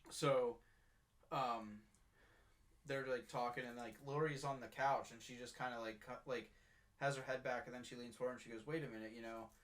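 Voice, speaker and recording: A man recaps a horror film for his podcast in loose, rambling chat. His voice sits at an ordinary middle pitch, and he fills his sentences with "like" and "um." He swears freely as he goes. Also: steady tone, moderate pace. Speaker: podcast host. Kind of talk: casual movie recap chat.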